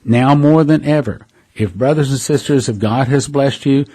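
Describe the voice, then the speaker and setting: A man's voice: mid-range voice, moderate pace, warm tone, breathy edge. A man hosting a prophecy ministry, giving an earnest, conversational preaching monologue and calling listeners brothers and sisters.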